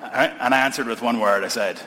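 A man's voice: mid-range voice, fast talker, bright, forceful tone, a little hiss or hum. A man with a Scottish accent, a pastor giving a sermon in a conversational, lightly humorous way. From Scotland. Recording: long reverb of a large hall.

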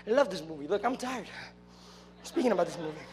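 A young man giving a casual, playful youth sermon, joking and breaking into loud excited shouts. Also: high-pitched, fast. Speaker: youth preacher. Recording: long hall reverb with faint music.

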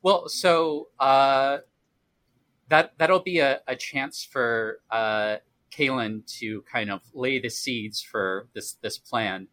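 A man's voice: medium pitch, slow pace, fairly bright tone. A man playing a tabletop game, casual and hesitant, often searching for his words. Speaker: player.

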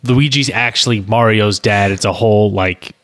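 A man's voice: fairly low pitch, normal speed. A man rambling and stammering through a comedic script read-through chat. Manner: rambling, stammering, earnest deadpan. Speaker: co-host, script writer.

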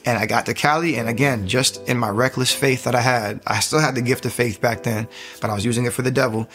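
A young man giving his testimony as a podcast guest, telling his past in a casual, animated way that rises when he relives key moments. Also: medium pitch, fast, faint music behind.

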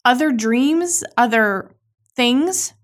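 A woman in her thirties hosting a podcast, talking candidly and emotionally in a raw, halting way with frequent restarts. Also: fairly high pitch, expressive. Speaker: podcast host. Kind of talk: candid solo podcast monologue.

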